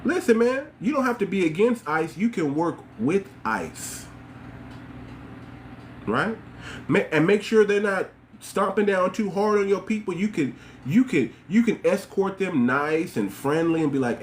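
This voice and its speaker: A man's voice: high-pitched, lively intonation, unhurried, a little hiss or hum. A man hosting a livestream, talking straight to his viewers in a mocking, rhetorical and preachy way. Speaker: livestream host.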